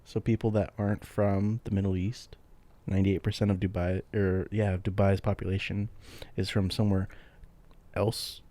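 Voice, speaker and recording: A man's voice: deep voice, little pitch movement, moderate pace, mellow. A man co-hosting a podcast in casual chat, laughing often and stumbling into restarts. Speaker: podcast co-host.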